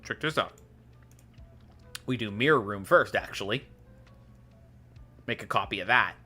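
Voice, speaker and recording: Man streamer, slow unhurried delivery with an animated, bright tone, chuckly gameplay commentary over faint music. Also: fairly low pitch, slightly rough. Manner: chuckles often, thinks aloud. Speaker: streamer playing a card game.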